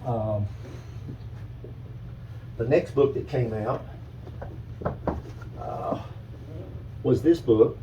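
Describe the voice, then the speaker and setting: A man's voice: mid-range voice, very slow, long pauses, mellow, lo-fi sound, slight background noise. An older man, casually showing photos and books, rambling and stopping to recall names. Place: dark room at home.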